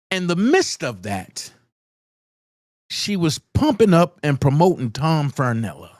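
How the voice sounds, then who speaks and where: A man hosting a live commentary stream, giving shout-outs to viewers and then speaking bluntly and heatedly, repeating his points for emphasis. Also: fairly high pitch, dry recording, studio quality.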